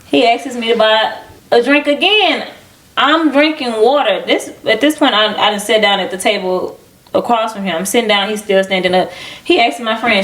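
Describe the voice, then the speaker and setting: Female co-host, AAVE, bright upper register, animated storyteller. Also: a little high, normal speed. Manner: animated storytelling, acting out quoted people. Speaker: podcast co-host. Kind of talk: casual chat.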